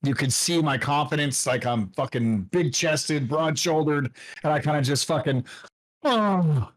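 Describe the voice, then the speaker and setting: A man's voice: a little high, normal speed. A man playing a tabletop game, chatting casually and animatedly, rambling and profane. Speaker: tabletop player. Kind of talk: casual in-character chat.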